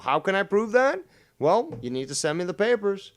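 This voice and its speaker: Male host, a bit high-pitched, combative and mocking in a heated argument. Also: sing-song, moderate pace. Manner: combative, mocking, talks over the other. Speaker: show host. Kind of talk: heated argument on a live stream.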